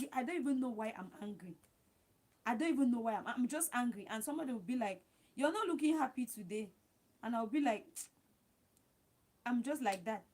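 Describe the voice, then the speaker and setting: A woman hosting a casual livestream, giving advice and repeating her points while talking straight to her viewers. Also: on the high side. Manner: repetitive, talks straight to viewers as "guys". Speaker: livestream host.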